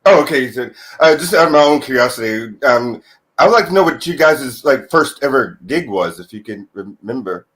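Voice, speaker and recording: Husky man chatting on a panel. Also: medium pitch, animated, moderate pace, fairly bright tone. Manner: curious, easygoing questioner. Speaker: voice actor panelist. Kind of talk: casual panel chat.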